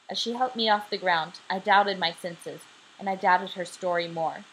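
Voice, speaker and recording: A woman's voice: fairly low pitch, normal speed, a bit bright, slight background noise, low-quality recording. A young woman in her twenties reading a homemade audiobook into her laptop in her bedroom late at night, sleepy and casual, breaking off now and then to apologize. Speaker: audiobook reader. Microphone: laptop microphone.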